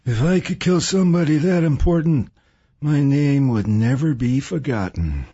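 A man's voice: a little high, lively intonation, moderate pace, dark tone, slightly rough. A man doing a wistful small-time gangster. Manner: wistful, dreamy. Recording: dull lo-fi recording.

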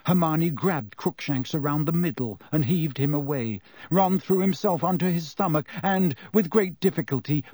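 Expressive male audiobook narrator. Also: fairly high pitch, no echo. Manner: expressive storytelling. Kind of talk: scripted narration.

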